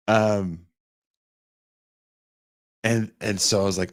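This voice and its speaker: A young man talks through a movie plot with loose, swearing energy, his fairly low voice jumping all over as he mimics the characters. The sound is dry and close, with no room around it. He comes across as a casual podcast host. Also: takes it slowly, vocal fry, pauses often, no room sound. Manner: profane, animated storytelling with put-on character voices. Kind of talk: casual chat, recapping a movie.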